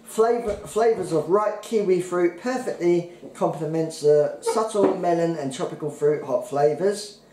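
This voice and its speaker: A man co-hosting a casual beer tasting podcast, who reads the labels out haltingly and stumbles over the words. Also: high voice, warm tone, echoey room, low-quality recording. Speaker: podcast co-host.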